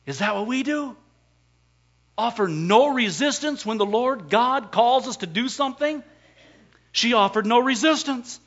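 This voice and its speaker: A man's voice: extremely high pitch, lively intonation, measured pace, husky, muffled recording. A man preaching a sermon, asking the congregation rhetorical questions and pressing his points with emphasis. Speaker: pastor.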